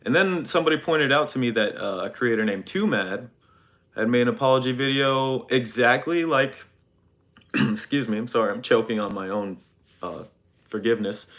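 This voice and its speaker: A young man's mid-range voice comes through a phone livestream as he reads chat, offering a hesitant, halting apology delivered with deadpan mock sincerity.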